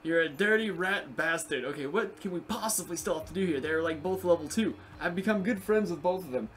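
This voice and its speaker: A young man giving casual, excitable gameplay commentary, swearing and chatting to the game's creatures. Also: sits high, quick pace, slight background noise. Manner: excitable, profane, talks to game creatures. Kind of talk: casual let's play commentary.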